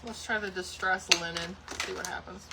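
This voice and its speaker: A woman's voice: fairly low pitch, steady tone, moderate pace, vocal fry, very noisy. A woman hosting a live crafting tutorial, chatting cheerfully with viewers while she works. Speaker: craft channel host.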